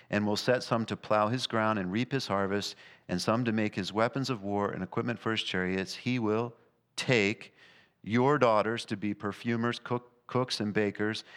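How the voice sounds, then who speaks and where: Man preaching with emphatic swings. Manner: emphatic preaching, rising and falling in pitch and volume. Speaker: pastor. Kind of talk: sermon.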